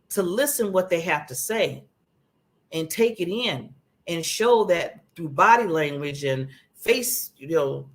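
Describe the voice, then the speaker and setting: A woman's voice: fairly low pitch, gravelly. A woman giving earnest, emphatic motivational advice on a talk show in a broadcast studio, often repeating phrases for emphasis. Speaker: guest speaker giving advice.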